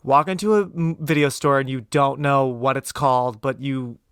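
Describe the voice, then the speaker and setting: Host: chatty, excitable man, middle pitch, dry close sound. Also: moderate pace, clean tone, dry recording. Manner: animated, enthusiastic, goes off on tangents. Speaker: podcast host. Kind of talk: casual chat.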